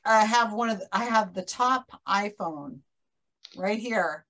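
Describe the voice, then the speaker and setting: A woman's voice: mid-range voice, unhurried, a bit bright. A woman hosting an online trivia game, chatting casually and teasing, often hunting for words. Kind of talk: casual video-call chat.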